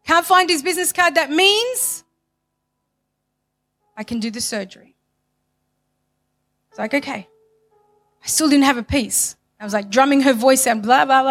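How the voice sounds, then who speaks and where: A high-pitched woman delivers a passionate sermon testimony, hammering phrases again and again. Her voice swings from loud, pushed lines down to hushed ones. Soft music plays faintly behind her. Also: lively intonation, normal speed, long pauses. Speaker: church speaker giving testimony.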